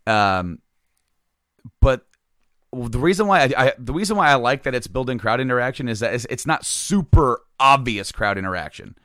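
A man's voice: medium pitch, animated, normal speed, fairly bright tone, no echo. Podcast host, male, chatty and meandering, dry recording. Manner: rambling, many restarts and fillers. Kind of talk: casual chat.

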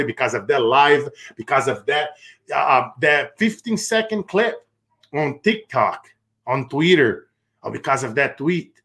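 A man's voice: medium pitch, a bit bright. A man hosting an interview, talking emphatically and preachily, repeating phrases. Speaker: interview host. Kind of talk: interview talk, promotional.

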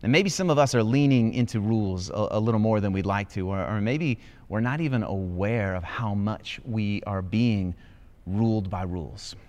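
A man preaching a sermon as pastor, telling stories with rising excitement. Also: lowish voice, moderate pace. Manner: animated storytelling with rising excitement. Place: church auditorium.

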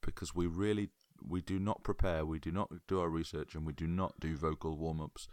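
Deep-voiced co-host, eager, stumbling restarts. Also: male voice, fairly even intonation, a little mellow, no room sound. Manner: enthusiastic, halting with repeated starts. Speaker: podcast co-host. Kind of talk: casual chat.

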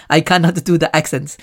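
A woman, hosting a solo podcast and telling personal stories in an animated, chatty way, often laughing. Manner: animated and chatty, with frequent laughs and big swings in pitch. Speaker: podcast host.

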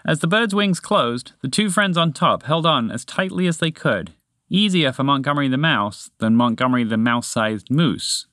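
A man reading a children's story aloud in a lively storytelling manner. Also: mid-range voice, normal speed, dry recording, clean studio sound. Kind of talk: scripted narration.

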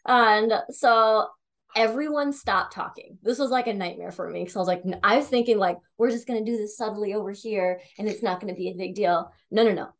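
A woman's voice: medium pitch, fairly even intonation, a little fast. Chatty young woman telling a story. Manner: chatty, heavy use of "like" and "um", swears casually. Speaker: tarot reader. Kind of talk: casual personal storytelling.

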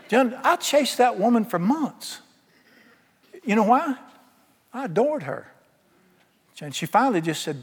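A man's voice: sits high, big pitch swings, fairly quick, breathy edge. A man preaching a sermon, telling folksy stories and acting out the dialogue himself. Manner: folksy storytelling, acts out quoted dialogue. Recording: long hall reverb.

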